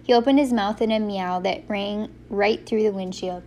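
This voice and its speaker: Female audiobook narrator, mid-pitched, first-person storytelling, faint hiss under the voice. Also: steady tone, normal speed, darkish tone.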